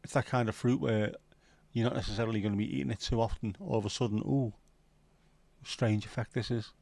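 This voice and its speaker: A man's voice: fairly low pitch, steady tone, brisk, creaky, a little mellow, no room sound. A man hosting a livestream, chatting casually and cheekily with viewers and reading out their comments by name. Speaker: livestream host.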